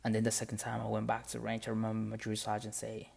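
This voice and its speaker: A man's voice: on the low side, monotone, fast talker, vocal fry, a little mellow, husky. A man telling a motivational story on a podcast in earnest, plain-spoken English with non-native grammar.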